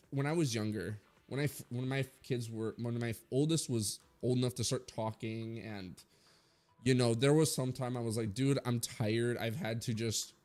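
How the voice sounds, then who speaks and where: Blunt, profane young man ranting. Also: medium pitch. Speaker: streamer. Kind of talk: casual opinion rant.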